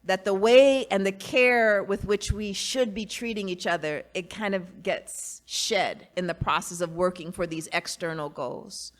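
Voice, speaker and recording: A woman's voice: mid-range voice, a little slow, few pauses. A woman guest speaking earnestly and reflectively in a conversation, often adding "you know" and "right". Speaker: guest, academic and author. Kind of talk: casual conversation.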